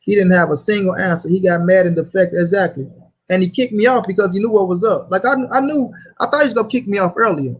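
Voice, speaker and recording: Heated high-voiced streamer man. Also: quick pace, breathy edge. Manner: heated, profane, reads chat aloud. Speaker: host. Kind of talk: casual livestream commentary.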